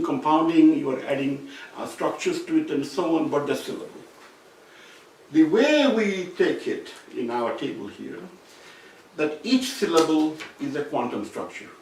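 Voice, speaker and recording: A man's voice: on the high side, recorded from a distance, slight background noise. Man lecturing in a very echoey room. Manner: explanatory, circling back to rephrase points. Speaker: seminar speaker. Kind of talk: academic lecture. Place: seminar room. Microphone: distant room mic.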